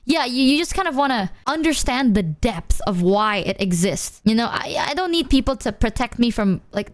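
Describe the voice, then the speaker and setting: Woman, streamer, casual chat to viewers, candid and rambling, swears freely, fairly high voice. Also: big pitch swings, brisk, hardly any pauses. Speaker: VTuber streamer.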